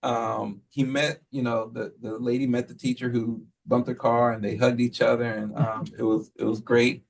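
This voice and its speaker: A man speaks in a gravelly voice at an ordinary pitch. He gives a relaxed, rambling report to a school board. He is picked up from across a meeting room. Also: moderate pace, recorded from a distance, low-quality recording. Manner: relaxed, rambling, many fillers and quoted asides. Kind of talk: casual spoken report at a meeting.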